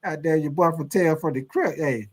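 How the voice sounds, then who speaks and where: A man hosting a casual sports livestream, talking in an animated, slangy way and reading out viewer comments. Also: on the high side, brisk, husky. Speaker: host.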